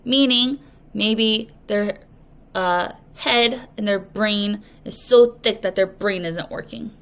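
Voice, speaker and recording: A woman English teacher giving a recorded reading lesson, explaining slowly and patiently to young students. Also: mid-range voice, clear, resonant tone. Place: language academy.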